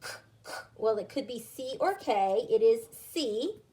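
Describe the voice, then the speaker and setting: A woman teacher giving a recorded phonics lesson to young children, slowly sounding out letters and words. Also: on the high side, expressive, mellow, breathy edge, low-quality recording.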